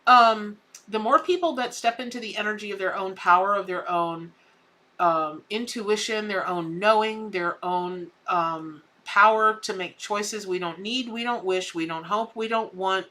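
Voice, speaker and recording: Bright, folksy Southern woman. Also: mid-range voice, measured pace. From American South. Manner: folksy and effusive, calls viewers honey and baby. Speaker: tarot reader hosting a live charity stream. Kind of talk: live-stream tarot reading.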